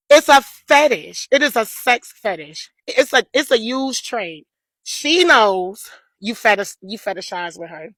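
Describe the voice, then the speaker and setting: A woman rants to camera in a blunt, emphatic, slangy way. Her voice sits a bit high and sounds bright and forceful, and the recording is dry and close. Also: no room sound. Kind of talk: casual opinion rant to camera.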